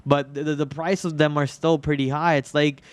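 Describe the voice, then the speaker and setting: A hoarse man hosting a live trading stream, talking through stock charts in a rambling way with many restarts, on a podcast microphone. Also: a little high, flat delivery, moderate pace, no room sound. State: hoarse, itchy throat. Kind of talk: live market commentary.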